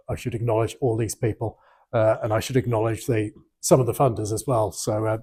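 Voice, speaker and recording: A man's voice: fairly low pitch, warm tone, husky. A middle-aged man giving an academic lecture, hesitant, with frequent ums and restarts.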